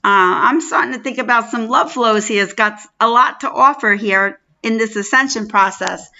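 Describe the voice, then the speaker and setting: This livestream host, a middle-aged woman from New York, has a slightly high, creaky voice that sounds pushed and bright, and she talks at a normal speed. She chats effusively with viewers by name in her New York accent over dull lo-fi audio.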